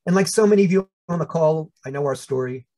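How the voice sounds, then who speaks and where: A man in his sixties with a New York accent, telling funny personal stories in a lively talk. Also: on the high side, fast. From United States. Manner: animated, humorous storytelling with voiced asides. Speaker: speaker. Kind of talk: storytelling talk.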